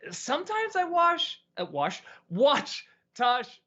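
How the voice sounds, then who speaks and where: Man, host, bright slightly high voice, casual rambling chat, laughs a lot, dull lo-fi audio. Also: takes it slowly. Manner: relaxed, rambling, laughs often. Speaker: host of a weekly Q&A stream. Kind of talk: casual chat answering viewer questions.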